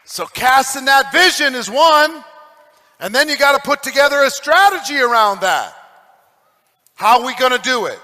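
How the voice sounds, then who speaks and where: A man giving an emphatic, preachy stage talk to a live audience as a motivational speaker, at times rising to shouts. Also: very high-pitched, expressive, moderate pace, a faint crowd. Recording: echoey hall recording.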